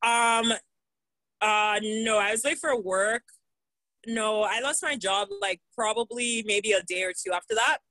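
A young woman, a podcast guest, tells a story in animated, profane casual chat and laughs often. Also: on the high side, measured pace, no echo, poor audio.

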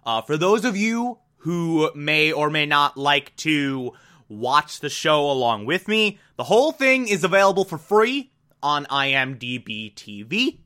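A man's voice: fairly high pitch, big pitch swings, measured pace, sharp tone. A man hosting a podcast, talking casually and rambling with lots of fillers, slipping into a mock southern drawl. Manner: chatty, rambling, frequent "uh" and "like". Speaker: podcast host. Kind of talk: casual solo announcement.

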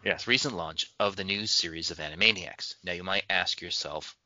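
A man's voice: low voice, moderate pace, sharp tone, no room sound, poor audio. A man co-hosting a show, chatting casually and upbeat about an episode they are about to watch. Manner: chatty, upbeat, loose reaction commentary. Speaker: podcast co-host. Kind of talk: casual chat.

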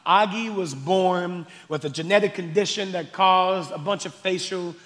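A male pastor preaching a sermon, calling the congregation y'all and swinging between quiet questions and shouted declarations. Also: high voice, unhurried. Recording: long hall reverb.

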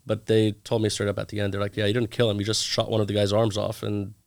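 Animated man telling stories in an interview. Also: lowish voice, fast talker, vocal fry, no room sound. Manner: animated storyteller acting out quoted dialogue. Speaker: guest. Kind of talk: casual storytelling interview.

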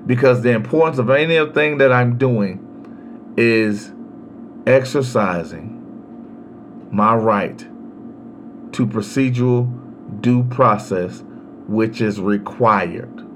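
Slow, deliberate man lecturing on law. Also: medium pitch, slight background noise. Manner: slow, deliberate, emphatic delivery with long pauses. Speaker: podcast host. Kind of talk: solo legal commentary.

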